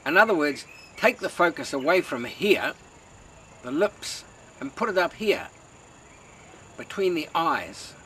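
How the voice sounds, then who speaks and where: A man giving a calm, measured lesson on singing technique. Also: a little high, a little hiss or hum, poor audio. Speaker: singing teacher. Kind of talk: instructional talk.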